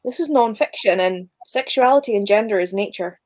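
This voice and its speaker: A woman's voice: medium pitch, brisk, a little mellow. A woman chatting casually with friends about books, telling stories and laughing often. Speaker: book club guest. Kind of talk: casual chat among friends.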